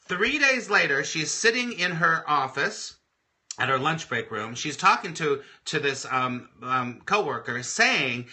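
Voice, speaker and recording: Bright-voiced male spiritual coach. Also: a little high, a little slow. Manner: expressive storyteller who repeats phrases. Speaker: spiritual coach and show host. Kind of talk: live motivational morning show.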